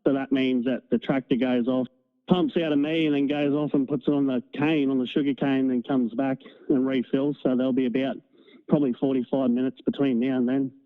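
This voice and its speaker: A man with a North Queensland Australian accent, a truck driver calling in to chat, relaxed and talkative. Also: mid-range voice, fairly quick, clean tone. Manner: chatty, relaxed, uses mate and no worries. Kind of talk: casual phone call. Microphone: phone. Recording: tinny phone line.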